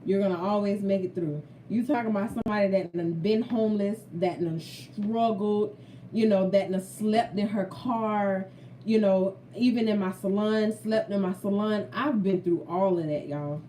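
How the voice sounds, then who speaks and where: A woman's voice: mid-range voice, moderate pace, mellow, far from the mic, a little hiss or hum. Woman vlogger, earnest faith testimony, repeats for emphasis; recorded a bit away from the mic in a roomy space. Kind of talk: heartfelt faith talk to viewers.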